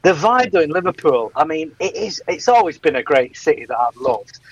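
A man's voice: a little high, very animated, fairly quick, breathy edge, dull audio. A man in casual radio chat, chatty and laughing often as a guest presenter.

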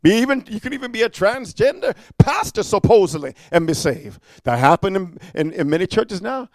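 A middle-aged preacher man with a high voice, heard close and dry with no room around him. He tells his stories in a low murmur, then climbs into loud, pressing exhortation, peppering his lines with "amen" and "huh?". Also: animated, a little fast, dry recording. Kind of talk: fiery sermon.

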